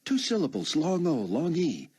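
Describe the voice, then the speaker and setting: A man's voice: fairly high pitch, wildly swooping pitch, normal speed, a little mellow, husky, pitched above the performer's own voice, exaggerated voice. A man doing a teasing young college woman. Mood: playful.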